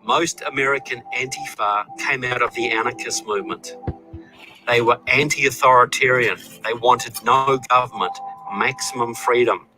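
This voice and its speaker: A man giving scripted documentary narration in a measured, even delivery. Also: mid-range voice, music in the background, rough recording.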